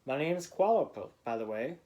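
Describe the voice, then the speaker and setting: A man's voice: mid-range voice, big pitch swings, moderate pace, warm tone, natural voice. A man voicing a friendly, knowing female bird in a bedtime story, his voice raised a little as he reads her. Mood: explaining.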